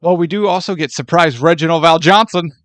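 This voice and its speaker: A man co-hosting a podcast, chatting casually about a film in an animated way, laughing and acting out scenes. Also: on the high side, brisk, dry recording. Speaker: podcast co-host. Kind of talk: casual movie chat.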